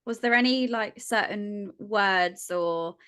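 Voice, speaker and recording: A woman's voice: mid-range voice, slow pace, fairly bright tone, clear, resonant tone. A young woman hosting a casual interview, asking questions in a friendly, hesitant way. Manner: friendly, hesitant with fillers and restarts. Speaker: podcast host.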